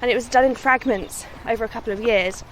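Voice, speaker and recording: A young woman from the West Midlands, a singer-songwriter, talks modestly in a slightly high voice and laughs easily. She is recorded outdoors on a country walk. Faint traffic hum and outdoor air sit behind her. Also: fast. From West Midlands, England. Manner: chatty and modest, laughs often. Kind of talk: casual outdoor interview on a walk. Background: faint outdoor ambience and distant vehicles.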